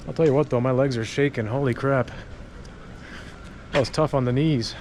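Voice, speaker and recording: Strolling outdoors through city streets and along hill paths, a travel vlogger narrates casually to his camera, musing aloud. His mid-range voice is a little mellow, moving at normal speed with frequent pauses, while traffic and street sounds fill the background.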